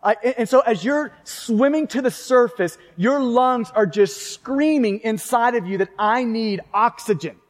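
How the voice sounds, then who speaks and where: A man's voice: extremely high pitch, measured pace, few pauses, big-room sound. A man preaching a fervent sermon, reading scripture aloud and asking his listeners questions. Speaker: pastor.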